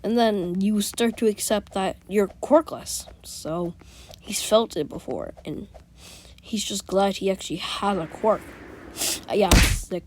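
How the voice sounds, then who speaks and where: A woman's voice: medium pitch, unhurried, a little hiss or hum. Woman rambling thru a fan what-if story, lots of restarts, sometimes whispers.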